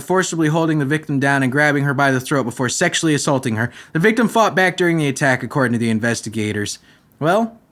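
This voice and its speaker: A man's voice: a little high, fairly bright tone. A young man hosting a comedy podcast, reading news stories aloud and breaking into crude, mocking rants. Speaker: podcast host.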